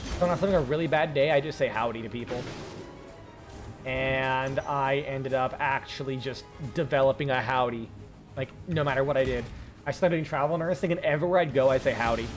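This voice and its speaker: A young man with a light Southern lilt chats loosely as he plays, swearing freely and tripping over his own restarts. His voice sits at an ordinary middle pitch. Game music plays clearly underneath him. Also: a little fast. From American South. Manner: excitable, swears a lot, rambling with restarts. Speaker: streamer. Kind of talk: casual gameplay commentary.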